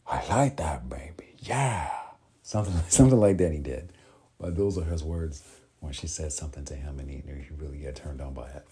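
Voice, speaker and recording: Deep, husky man hosting a podcast. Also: fairly even intonation, mellow. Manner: halting, full of ums and restarts. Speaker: podcast host. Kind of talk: casual solo podcast talk.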